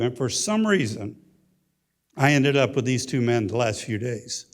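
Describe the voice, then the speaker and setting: A man's voice: mid-range voice, sing-song, unhurried. A man in his sixties with a Texan accent, telling a personal story as a guest speaker at a luncheon, in a folksy way with frequent "okay?" and "you know?". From Texas. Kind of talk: storytelling speech. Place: luncheon hall.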